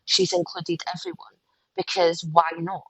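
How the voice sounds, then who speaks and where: A woman's voice: lowish voice, level tone, measured pace, crowd noise, poor audio. A Scottish woman co-hosting a podcast, chatty and teasing in casual conversation. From Scotland. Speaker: podcast co-host. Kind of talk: casual chat.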